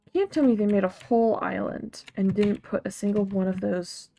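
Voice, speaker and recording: A woman's voice: mid-range voice, fairly even intonation, brisk, creaky, warm tone, soft background music. A woman streamer giving casual, rambling gameplay commentary with a chatty, self-mocking way of talking.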